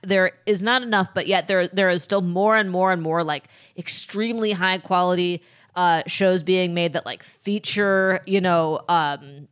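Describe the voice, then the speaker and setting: A woman's voice: lowish voice, fairly even intonation, measured pace, a bit bright, clean tone. A woman co-hosting a podcast over a remote call, speaking thoughtfully and hesitantly, often restarting her sentences. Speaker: podcast co-host. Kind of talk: casual chat.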